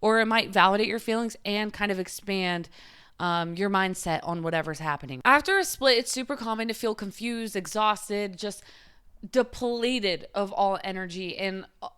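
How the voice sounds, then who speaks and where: A woman's voice: medium pitch, normal speed, a bit bright, clean tone. A woman vlogger giving casual, candid advice in a chatty way, often saying "like". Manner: chatty, frequent filler "like"; open and confiding.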